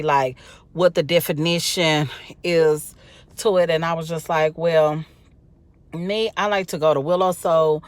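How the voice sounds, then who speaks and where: A woman's voice: low-pitched, no echo. A tired, sleepy woman, rambling casually to her viewers with lots of fillers. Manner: rambling, chatty, many fillers. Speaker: vlogger. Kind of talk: casual talk to camera.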